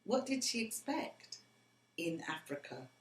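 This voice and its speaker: A woman's voice: medium pitch, very animated, a little slow. A middle-aged woman, earnestly recounting personal stories to her grown son and often dropping to a near whisper. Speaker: interviewee, mother of the interviewer. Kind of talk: personal storytelling in conversation. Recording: roomy with faint background noise.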